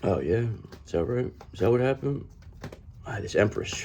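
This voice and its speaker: A man's voice: sits low, lively intonation, a little fast, a little mellow. Man giving a blunt tarot reading. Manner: keeps calling the listener "brother" and repeats himself; acts out other people in mocking quoted voices. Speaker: tarot reader. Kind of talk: casual tarot reading monologue.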